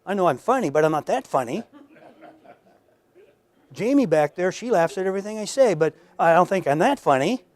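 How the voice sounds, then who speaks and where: A man's voice: high-pitched, expressive, fairly quick, long pauses. A man lecturing at a workshop in a conversational, emphatic way, often repeating words and speaking straight to his audience. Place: lecture room.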